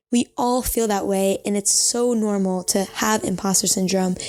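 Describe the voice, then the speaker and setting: A woman's voice: fairly high pitch, a little mellow. Chatty young woman podcast host. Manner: chatty and reflective, with frequent "you know" and self-corrections; reassuring, advice-giving. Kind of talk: casual advice podcast.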